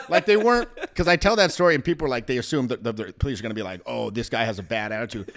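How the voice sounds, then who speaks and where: Brief: middle-aged American guy, lively swearing storyteller, mid-pitched voice. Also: very fast, creaky, few pauses. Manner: animated, swears freely, acts out voices while laughing. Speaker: guest, dating coach. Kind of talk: casual podcast storytelling.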